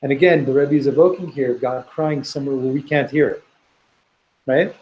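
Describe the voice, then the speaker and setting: A man's voice: medium pitch, moderate pace, a little mellow, a little hiss or hum, low-quality recording. Thoughtful man teaching a text class. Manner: thoughtful, reads Hebrew text aloud and explains it; repeats words while working out ideas. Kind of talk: Torah class lecture.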